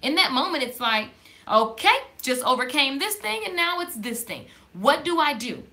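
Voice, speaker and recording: A woman hosting a faith-based live stream, talking to the camera in a lively, conversational way and reading viewer comments aloud. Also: high voice, moderate pace. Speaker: livestream host. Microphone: camera in front of her.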